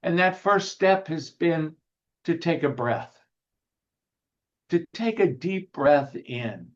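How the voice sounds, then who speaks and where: A man, a minister, giving a sermon in a gentle, unhurried way, guiding the listeners through breathing and telling light humorous anecdotes. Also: fairly high pitch, expressive. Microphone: video call. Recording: dull lo-fi video call audio.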